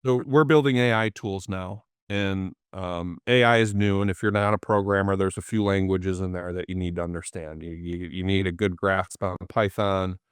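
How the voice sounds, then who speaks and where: A man with a fairly low voice speaks as the guest in a relaxed interview. He tells stories with animation and puts on the voices of the people he quotes. The sound is dry and close, with no room echo. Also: moderate pace, hardly any pauses, clean tone. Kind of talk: casual interview storytelling.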